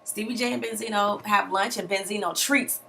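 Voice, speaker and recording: A young woman recapping a reality TV episode in a sassy, animated way, full of slangy asides and mock outrage. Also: medium pitch, normal speed, creaky, a little hiss or hum. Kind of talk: casual recap commentary.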